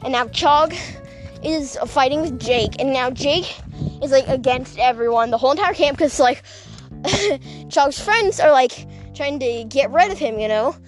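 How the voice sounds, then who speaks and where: A woman's voice: high-pitched, lively intonation, a little slow, soft background music. A young woman hosting a podcast, rambling in casual chat with lots of giggles and self-mocking asides. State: voice cracking, dehydrated. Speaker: podcast host.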